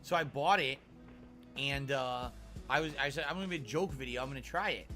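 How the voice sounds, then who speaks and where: A man's voice: mid-range voice, brisk, pushed and bright, soft background music. A man streaming as he reacts to his own old clips, chatty and self-mocking. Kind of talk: casual stream commentary.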